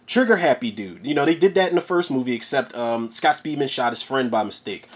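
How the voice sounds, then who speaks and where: A man's voice: mid-range voice, brisk, lo-fi sound. A man reviewing a horror film in a casual, rambling rant, swearing freely as he goes. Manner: profane, rambling, animated. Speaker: movie reviewer.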